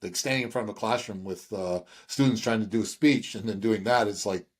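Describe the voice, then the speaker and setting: A man's voice: lowish voice, fairly quick, slightly rough. A man hosting a podcast, rambling in casual chat and swearing offhandedly. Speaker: podcast host.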